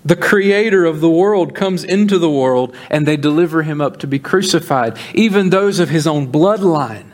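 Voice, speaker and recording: A pastor preaching a sermon, earnest, slowing down to stress key points and acting out the dialogue of scripture. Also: male voice, a little high, animated. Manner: earnest preaching, slows for emphasis, acts out dialogue.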